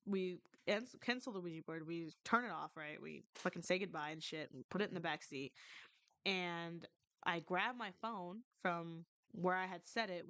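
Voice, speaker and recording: A woman's voice: fairly low pitch, fairly bright tone, no room sound. A woman casually telling a ghost story to her stream, rambling with many restarts and some swearing.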